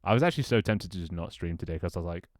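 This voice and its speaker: A man's voice: deep voice, lively intonation, very fast, darkish tone, dry recording, studio quality. A man streaming from a small room at home, chatting casually, grumbling, swearing and laughing often. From United Kingdom. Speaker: live streamer. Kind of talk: casual live-stream chat.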